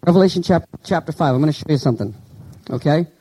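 A man preaching a sermon in a conversational way, asking his listeners questions and slowly reading out Greek words. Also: a little high, expressive, warm tone, breathy edge, rough recording. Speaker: pastor.

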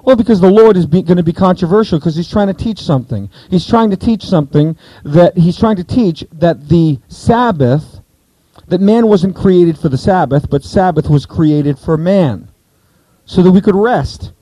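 A man preaching an expository sermon in a conversational, animated way, sometimes acting out voices from the Bible stories. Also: sits high, moderate pace, no room sound, rough recording.

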